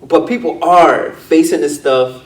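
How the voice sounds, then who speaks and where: Animated slangy man in a roomy space. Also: a little high, measured pace. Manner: animated, slangy, says "yo" and "bro". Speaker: podcast co-host. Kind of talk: casual discussion. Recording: roomy, distant mic with faint noise.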